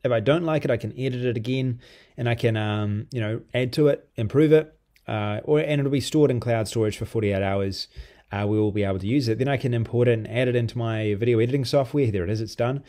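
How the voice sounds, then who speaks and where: A man talks through a software demo in a relaxed, offhand way, pausing and restarting as he goes. His voice is mellow and warm, set at an ordinary middle pitch. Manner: loose and conversational, many ums and restarts. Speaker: software reviewer. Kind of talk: casual screen-recorded software walkthrough.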